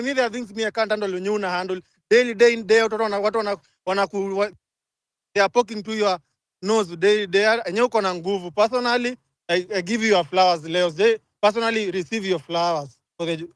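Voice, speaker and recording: A young Kenyan man ranting angrily in a live audio chat, switching fast between languages. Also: high voice, fairly even intonation, no echo. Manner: angry, rapid code-switching rant. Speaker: speaker in a live audio room.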